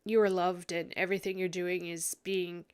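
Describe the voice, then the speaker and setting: A woman giving a psychic reading in a vlog, hesitant and full of pauses, tearful and sniffly. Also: on the low side, flat delivery, smooth. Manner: hesitant, many ums and restarts. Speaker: psychic reader. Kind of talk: emotional psychic commentary vlog.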